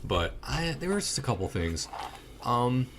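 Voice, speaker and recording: Reviewing a movie in casual conversation, this male podcast co-host tells stories bluntly and profanely, with animated energy. His voice sits in the mid-range and moves a little slowly. There's noise in the background.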